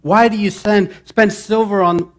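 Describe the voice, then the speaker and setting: A man's voice: high voice, fairly even intonation, a little slow. A male pastor preaching a sermon, chatting with his congregation and building to emphatic calls. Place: church sanctuary.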